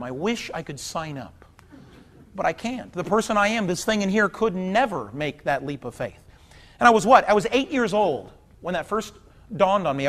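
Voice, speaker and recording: A man in his thirties doing stand-up comedy on a theater stage, talking wryly and conversationally, then breaking into loud outbursts. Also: sits high. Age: 30s. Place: theater stage before a large audience. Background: audience laughter.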